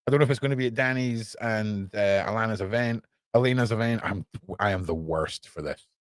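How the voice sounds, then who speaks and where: A young man hosting a podcast, chatting excitedly and sarcastically in a casual, slangy way. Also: fairly low pitch, fairly quick, no echo. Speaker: podcast host. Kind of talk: casual livestream chat.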